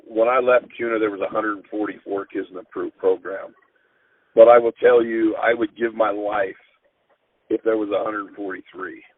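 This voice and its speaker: A middle-aged man, a football coach, telling an emotional story in an interview, earnest and halting with frequent restarts. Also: lowish voice, breathy edge. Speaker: high school football coach. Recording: tinny phone-line sound.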